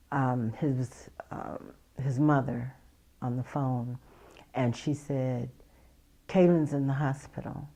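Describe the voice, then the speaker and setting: A middle-aged woman, a mother, giving halting, emotional testimony in an interview and retelling the conversations she had. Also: low voice, mellow, rough recording.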